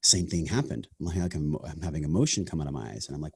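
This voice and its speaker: Here a podcast host of half Sicilian descent speaks in a very deep, animated voice at a quick clip, creaky, a little mellow and slightly rough. The conversation is casual yet reflective and earnest, with frequent "man" and "like".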